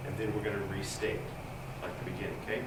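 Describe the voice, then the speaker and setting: A man runs a choir rehearsal in a large, echoey room, counting beats and coaching the singers with jokey asides. His voice is fairly low with little pitch movement, and he talks fast. A distant room mic picks him up from afar, with the choir singing and a lot of noise in the background.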